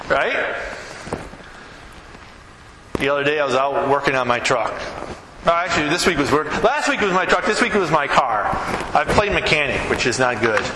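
Conversational pastor preaching in an echoey hall. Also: male voice, a little high, moderate pace, pauses often. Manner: conversational, keeps asking "right?"; tells stories with vivid, animated mimicry. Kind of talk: sermon. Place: church sanctuary. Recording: echoey hall, noisy room tone.

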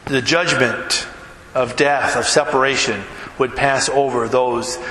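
A man's voice: mid-range voice, steady tone, slow, pushed and bright. A man preaching a sermon as a pastor, telling stories with conversational asides to the congregation. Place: church sanctuary. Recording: echoey hall with long reverb, faint room noise.

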